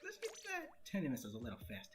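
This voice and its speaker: A man giving casual, joking commentary while streaming a game, quick to laugh and to grumble about it. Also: on the high side, huge pitch swings. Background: game music.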